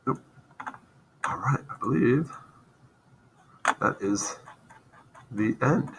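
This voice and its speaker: A male teacher giving a recorded science lecture over slides, explaining steadily and checking in with "right?" and "okay?" in a fairly monotone delivery. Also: mid-range voice, very slow, vocal fry, slight background noise, rough recording. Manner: self-described monotone delivery.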